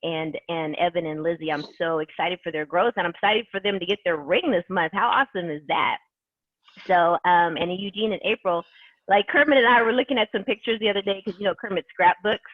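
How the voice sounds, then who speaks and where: A woman's voice: on the low side, brisk, dry recording. Enthusiastic woman on a tinny call. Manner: enthusiastic, rambling, many fillers. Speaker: team leader closing a conference call. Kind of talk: casual motivational talk. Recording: tinny conference call line.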